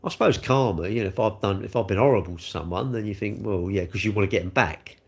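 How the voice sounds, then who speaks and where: A man's voice: fairly low pitch, quick pace, gravelly, slightly rough. A middle-aged man, chatting loosely on a livestream and talking straight to his viewers. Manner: rambling, talks straight to viewers. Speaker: livestream host. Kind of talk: casual chat.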